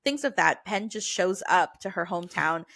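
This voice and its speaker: A woman's voice: on the low side, normal speed, vocal fry. A young woman co-hosting a book podcast, chatting casually and retelling the plot with lots of "like". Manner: chatty, heavy use of "like", lively retelling. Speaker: podcast co-host.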